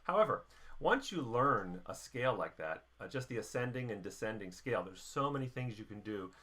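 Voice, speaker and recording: A middle-aged man teaching a band warm-up lesson, explaining each step patiently. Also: fairly low pitch, sing-song, fairly quick. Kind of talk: instructional lesson.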